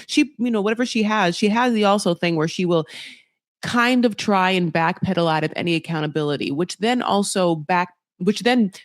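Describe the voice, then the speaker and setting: Brief: chatty woman podcast host, lowish voice, rambling gossip recap, dry close sound. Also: moderate pace, dry recording. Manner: rambling, gossipy, heavy on fillers. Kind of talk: casual reality TV recap commentary.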